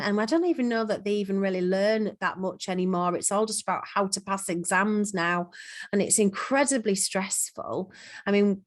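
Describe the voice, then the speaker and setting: A woman, a hypnotherapy trainer, talking casually to a group over a video call, with plenty of ums and restarts. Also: medium pitch. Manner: chatty, frequent ums and restarts. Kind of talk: casual teaching talk. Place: online peer supervision call.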